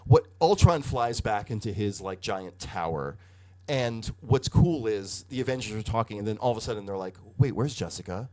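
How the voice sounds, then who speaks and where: Male podcast co-host, lively sing-song delivery, profane and chatty. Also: lowish voice, normal speed. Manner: animated, profane storytelling with hedging fillers. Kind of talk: casual comic book review chat.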